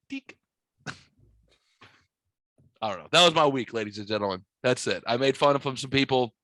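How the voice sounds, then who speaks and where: A man hosting a podcast, telling a story in a boisterous, profane, animated way. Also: mid-range voice, moderate pace, pauses often, dry recording. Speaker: podcast host. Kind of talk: casual storytelling chat. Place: podcast studio.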